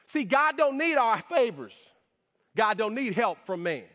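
A man preaching a sermon in a lively, conversational way with casual slang asides. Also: extremely high pitch, unhurried. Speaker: pastor. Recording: reverberant hall.

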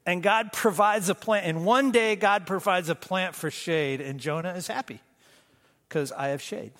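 A man preaching a sermon as pastor, moving between emphatic bursts and hushed, slow lines. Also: high-pitched. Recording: long reverb of a church hall.

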